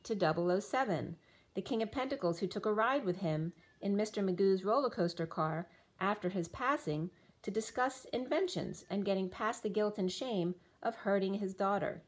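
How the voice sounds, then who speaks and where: A woman's voice: mid-range voice, expressive, moderate pace. Lady doing a twin flame tarot reading, dreamy and rambly, voice getting a bit worn. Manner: dreamy, free-associating, rhyming asides. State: losing her voice. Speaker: tarot reader. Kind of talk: spiritual tarot reading monologue.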